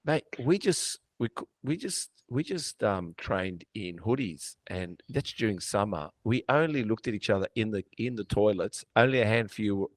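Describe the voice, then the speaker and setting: A man hosting a podcast in casual chat, blunt, swearing and animated as he tells stories. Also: lowish voice, normal speed, few pauses, no echo. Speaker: podcast host.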